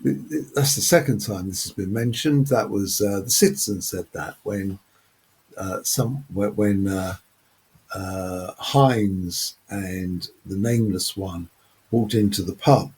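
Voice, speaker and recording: Slow, husky-voiced man explaining a text. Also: on the low side, darkish tone. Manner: hesitant, many fillers, unhurried explaining. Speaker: literature presenter. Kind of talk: unscripted close-reading commentary.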